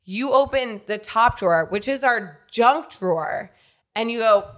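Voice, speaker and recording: A woman's voice: a little high, lively intonation, measured pace, a bit bright. Teasing young woman podcast co-host. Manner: teasing, laughing, swears freely. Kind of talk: casual bickering chat.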